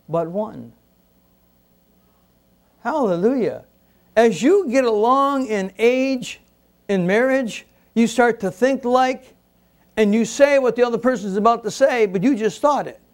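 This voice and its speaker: A man preaching a sermon to a congregation, slow and emphatic, repeating key words for weight. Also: extremely high pitch. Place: church before a congregation.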